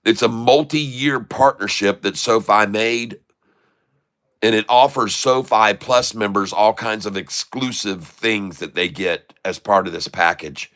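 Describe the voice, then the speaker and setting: A man's voice: fairly low pitch, unhurried, a bit bright. A man from the United States hosting a casual stock market livestream, joking and folksy, often calling his viewers folks.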